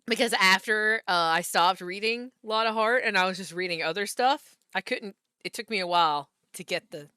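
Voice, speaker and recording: A woman's voice: mid-range voice, moderate pace, hardly any pauses, sharp tone, clear, resonant tone, dry recording. A woman with a Southern US accent, chatting casually with laughing asides while streaming a game.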